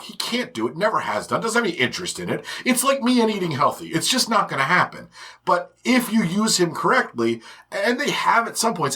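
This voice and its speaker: An animated man co-hosting a fan podcast, chatting casually and cracking jokes. His voice is bright and forceful. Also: fairly high pitch. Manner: animated, joking. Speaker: podcast co-host. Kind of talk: casual chat.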